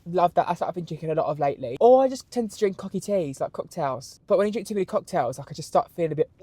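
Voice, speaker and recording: Crude, animated British man. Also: sits high, no echo. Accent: British English. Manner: animated, crude, camp storytelling. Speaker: podcast host. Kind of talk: solo podcast answering questions.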